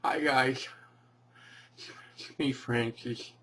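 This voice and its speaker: A man's voice: a little high, a little slow, fairly bright tone, a little hiss or hum, poor audio. A man doing a shrieking, furious young gamer. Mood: tearful, upset. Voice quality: shrieking, swearing, sobbing outbursts. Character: enraged young male gamer ranting at his camera. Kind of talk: comedic rant video.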